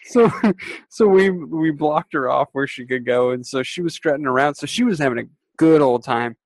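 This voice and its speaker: A young adult man, a podcast co-host, telling a drinking story in casual chat, animated and laughing often. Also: a little high, normal speed, no echo.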